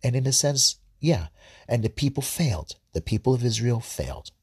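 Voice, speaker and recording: A man's voice: medium pitch, animated, normal speed, darkish tone, breathy edge, no echo, studio quality. A man giving informal scripture commentary, earnest, often repeating words and restarting sentences. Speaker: Bible study host.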